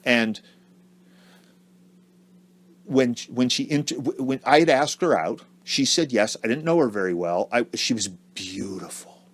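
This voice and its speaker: Earnest man telling a halting story. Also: medium pitch, animated. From Ohio, US. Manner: halting, repeats words, earnest. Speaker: podcast co-host. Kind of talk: casual storytelling chat.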